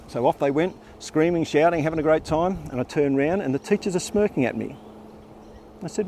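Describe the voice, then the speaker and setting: A man in his sixties, a former teacher telling a personal story in a playful, animated way. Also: a little high, fast talker, a little hiss or hum.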